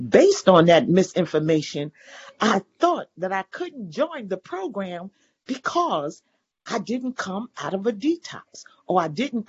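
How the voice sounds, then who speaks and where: A woman's voice: a little high, slightly rough. A woman in her forties giving an emotional personal testimony at a recovery meeting, acting out the dialogue in her story. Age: 40s. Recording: dull lo-fi recording.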